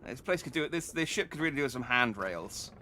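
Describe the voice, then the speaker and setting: Reading game lines fast and with animation, this man uses a medium-pitched voice that sounds pushed and bright over slight background noise. His character is a friendly, talkative, folksy middle-aged merchant with a fake rustic English accent, homely and drawling with dropped letters.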